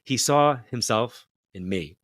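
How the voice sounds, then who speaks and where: A man, a psychic medium guest in an interview, telling lively casual stories and acting out the voices of people he quotes. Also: mid-range voice, slow pace, dry recording, clean studio sound. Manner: animated storyteller, acts out quoted voices.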